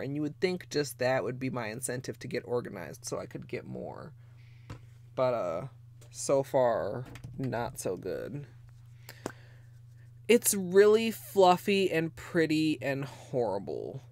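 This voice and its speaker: A woman with a low, darkish voice hosts a casual nail polish livestream from her bedroom. She rambles chattily, using plenty of fillers while answering viewers' chat, and sometimes drifts away from her desk mic.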